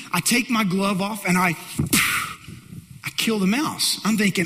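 A man's voice: sits high, unhurried, pushed and bright. A middle-aged man preaching a sermon as a pastor, telling stories animatedly and with humor. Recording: long hall reverb.

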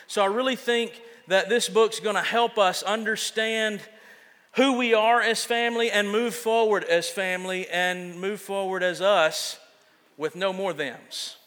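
Man pastor, high and bright, joking and chatty in the pulpit, long reverb of the sanctuary. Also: fairly even intonation, unhurried. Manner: casual, self-deprecating preaching with frequent restarts. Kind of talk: sermon.

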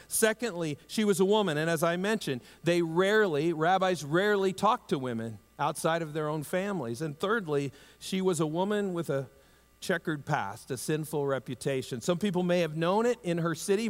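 Guy preaching a sermon, bit higher voice, big echoey church hall, chatty then goes soft and low. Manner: conversational preaching, rises in emphasis, drops low for tender asides. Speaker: pastor. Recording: long hall reverb.

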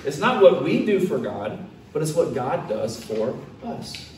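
At a measured pace and fairly high pitch, a male pastor tells a story in a casual sermon, lively as he performs the quoted lines in different voices. Recorded from afar in an echoey room, it carries faint ambience and a slight hiss or hum.

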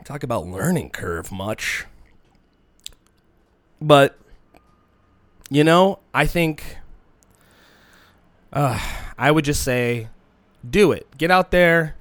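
A man's voice: fairly high pitch, extremely slow, long pauses, dry recording. A man and comedian rambling in a casual, profane vlog monologue to a phone camera, his voice a little shaky. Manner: profane, rambling, animated with mocking quoted voices. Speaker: comedian self-producing a video. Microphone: phone used as camera.

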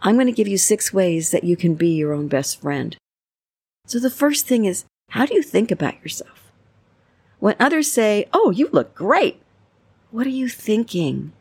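A woman's voice: medium pitch, vocal fry, darkish tone, breathy edge, dry recording, clean studio sound. A middle-aged woman giving casual advice on friendship, chatty, often acting out little quoted exchanges. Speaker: self-help speaker. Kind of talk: casual advice talk to camera.

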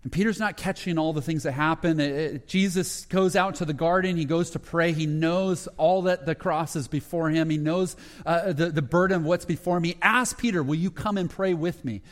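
Male pastor, slightly higher voice, storytelling sermon with hushed dramatic asides, big reverberant church hall. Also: moderate pace, hardly any pauses. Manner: retells scripture with quoted dialogue, dropping to a hushed voice at emotional moments.

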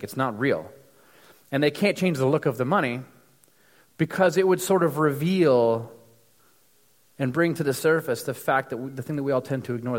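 A man's voice: mid-range voice, long reverb tail. A man from the United States giving a casual, conversational sermon with many fillers and restarts. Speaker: preacher.

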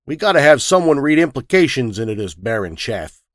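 A man's voice: medium pitch, sing-song, a little fast, no room sound, studio quality, close to an everyday voice. A man voicing a brash, pushy male newspaper reporter who talks in slang, in a dramatic story reading.

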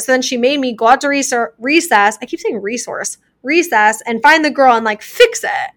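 A young woman hosting a casual motivational talk. Her voice is bright and sits a bit high for a woman. She speaks in a chatty, filler-heavy way and circles back to repeat her main points. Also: brisk, few pauses. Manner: chatty, many fillers, repeats key phrases.

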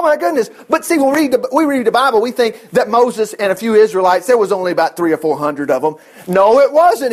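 A man delivers an animated sermon in a high, bright-toned voice. He reads scripture aloud and breaks off into quick, low asides. Then he jumps back up into loud exclamations. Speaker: preacher. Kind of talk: lively sermon mixing scripture reading and asides.

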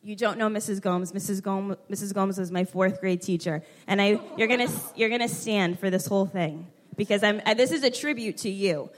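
A young woman speaking at a church gathering, heartfelt and halting as she fights back tears. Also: medium pitch. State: close to tears. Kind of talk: emotional tribute at a church women's gathering.

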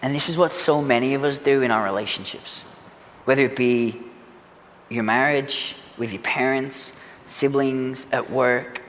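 A man preaching a sermon as a pastor, earnest, swinging from loud urgency to hushed reflection. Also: mid-range voice, unhurried, long reverb tail, a little hiss or hum. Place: church sanctuary.

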